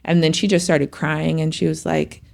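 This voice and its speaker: A woman's voice: low-pitched, moderate pace, gravelly. A middle-aged mother chatting casually on a podcast, acting out her children's lines as she tells family stories. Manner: animated storytelling, acts out her kids' lines. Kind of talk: casual chat.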